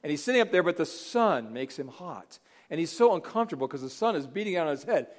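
A middle-aged man preaches with lively energy, dropping into character voices to act out scripture. His voice sits a little high for a man. A long hall reverb trails every phrase. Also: quick pace. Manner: animated, acts out biblical figures in voices. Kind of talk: sermon.

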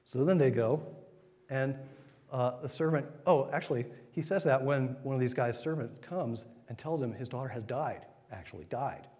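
A man giving an informal sermon, retelling scripture in a conversational way with quick acted asides. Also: medium pitch, a little mellow. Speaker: preacher. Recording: long hall reverb.

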